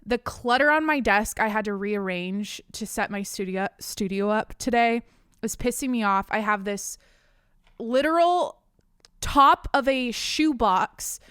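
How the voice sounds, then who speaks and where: Young woman ranting on her podcast, swears a lot, smooth clear voice, dry close mic. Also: fairly high pitch, unhurried, dry recording. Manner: animated, profane venting with frequent restarts. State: slightly out of breath. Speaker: podcast host. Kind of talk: casual ranting monologue. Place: home studio at her desk. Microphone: desk microphone.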